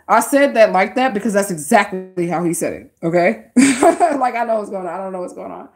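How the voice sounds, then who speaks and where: Speaking brisk and direct to the people watching her stream, this tarot reader keeps it casual and slangy. She has a medium-pitched voice with a darkish tone.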